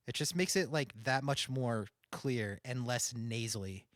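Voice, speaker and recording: A man's voice: medium pitch, unhurried, few pauses, dry recording, clean studio sound. A man with a nasal voice, talking casually on a livestream, rambling and thinking aloud into a condenser microphone. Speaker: streamer. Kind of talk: casual livestream talk about audio setup. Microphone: condenser studio microphone.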